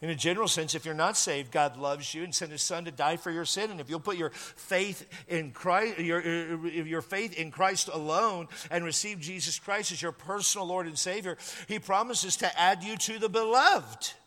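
A middle-aged male pastor preaching a sermon, emphatic, repeating key phrases and slowing down to stress them. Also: fairly high pitch, sharp tone, long reverb tail.

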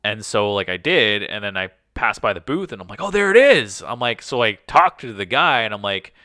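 Chatty man with a bright, crisp voice. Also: on the low side, a little fast, no echo, clean studio sound. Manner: rambling storyteller, heavy use of "like"; animated, acts out quoted conversations. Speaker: podcast co-host. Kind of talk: casual chat.

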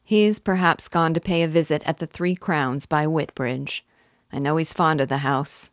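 A woman's voice: deep voice, fairly even intonation, normal speed, no room sound, clean studio sound, natural voice. A woman reading aloud and voicing a blunt, gossiping male horse dealer in a chatty, insinuating way.

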